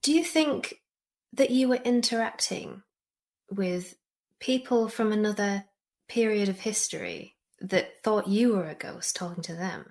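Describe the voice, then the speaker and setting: A woman talking as a guest on a podcast, chatty and quick to react with interest. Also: mid-range voice, darkish tone. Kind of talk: casual conversation.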